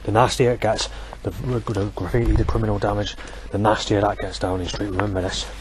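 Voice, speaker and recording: A man's voice: lowish voice, level tone, a little fast, background noise. A man rambling furiously outdoors at night, swearing constantly into a handheld audio recorder. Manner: furious, profane, rambling rant. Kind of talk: angry rambling monologue. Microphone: handheld digital audio recorder.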